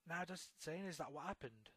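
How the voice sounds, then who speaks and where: A man's voice: on the high side, expressive, fairly quick, bright, forceful tone, husky, no room sound. A man co-hosting an internet radio chat, bantering crudely with lots of swearing and filler words. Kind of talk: casual chat.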